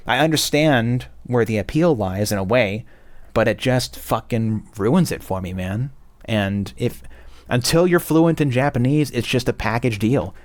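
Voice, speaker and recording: A man's voice: medium pitch, unhurried, dry recording. A young man hosting a casual game review, blunt and profane, with many fillers. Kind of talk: casual opinionated monologue.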